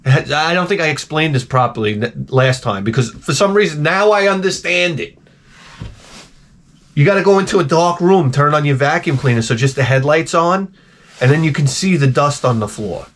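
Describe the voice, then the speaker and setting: A man's voice: on the high side, animated, normal speed, a bit bright. Exasperated profane man ranting. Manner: profane, exasperated, rambling with restarts. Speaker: vlogger. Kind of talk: comedic storytelling rant.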